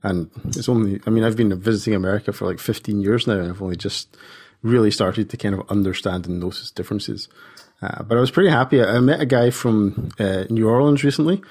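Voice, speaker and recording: A man's voice: on the low side, a little fast, darkish tone, slightly rough. A man with a Scottish accent, co-hosting a podcast in a chatty way. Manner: chatty, uses "wee". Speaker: podcast co-host. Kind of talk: casual podcast chat.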